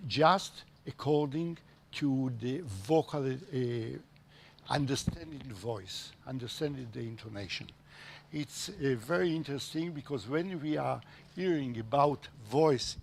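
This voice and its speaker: A man giving a halting conference talk as a panel speaker, with many hesitations. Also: mid-range voice, creaky, a little hiss or hum.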